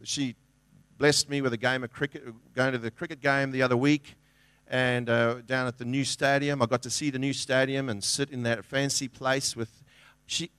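A man's voice: medium pitch, fairly bright tone, dry recording. A middle-aged man preaching a sermon as a pastor, in a conversational, earnest way with restarts and acted-out quotes.

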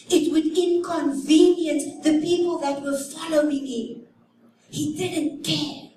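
A woman preaching a sermon, slow and emphatic, with dramatic pauses, in a church. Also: high voice, darkish tone, a little hiss or hum. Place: church sanctuary. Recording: echoey church hall from a distant mic.

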